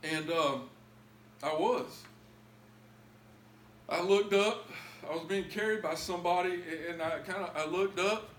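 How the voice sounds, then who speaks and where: A man telling his own story as a testimony in a church, emotional and pleading at its high points. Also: a little slow, pauses often, echoey room, slight background noise. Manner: emotional, rising to pleading highs. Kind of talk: testimony sermon.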